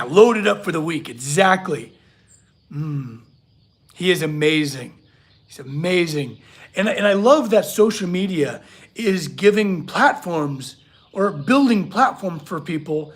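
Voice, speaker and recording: Earnest guy with a high-pitched voice talking to his live chat from a workshop, gets all choked up. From California. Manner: earnest, emotional, gushing, reads chat aloud. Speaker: livestream host, blacksmith artist. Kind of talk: casual livestream chat.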